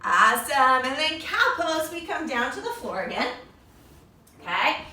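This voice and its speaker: A woman's voice: high-pitched, sing-song, a little slow, bright, forceful tone, slight background noise. A young woman leading a children's yoga lesson, upbeat and encouraging, making animal sounds along with the poses. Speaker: kids yoga teacher. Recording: echoey room, distant mic.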